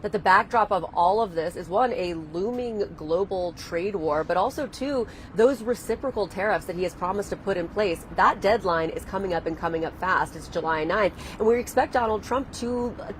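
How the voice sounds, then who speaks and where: A woman correspondent giving a steady live news report. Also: medium pitch, normal speed, few pauses, slight background noise, poor audio.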